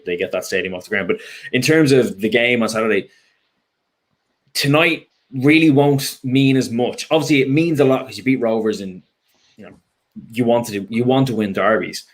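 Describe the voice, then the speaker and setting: A man with an Irish accent and a slightly low voice talks through a match in relaxed, unscripted chat. He is frank and rambling, filling his pauses with ums and restarting his sentences. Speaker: fan guest. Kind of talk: casual post-match chat.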